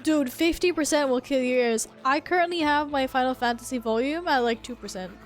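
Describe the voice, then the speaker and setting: A woman's voice: high-pitched, fairly quick, soft background music. A woman streamer in casual chat, swearing, laughing and reading chat messages aloud.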